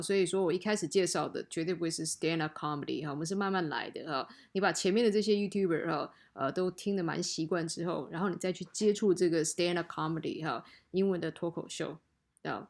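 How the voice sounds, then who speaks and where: Woman, teacher, lowish voice, vocal fry, chatty explaining, many fillers. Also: a little fast. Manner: chatty, frequent sentence-ending particles and fillers. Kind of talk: explanatory lesson commentary.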